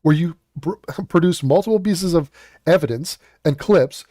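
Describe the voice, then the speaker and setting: A man's voice: fairly high pitch, moderate pace, mellow, no room sound, studio quality. A man hosting a reaction commentary, sarcastic and mocking, swearing and mimicking others. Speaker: commentary host.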